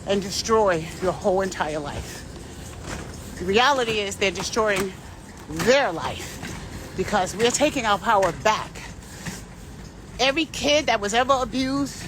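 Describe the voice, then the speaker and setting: A woman's voice: on the high side, fairly bright tone, slight background noise. A woman delivering a rambling personal monologue to camera, profane and intense, with sudden shifts in tone. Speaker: vlogger.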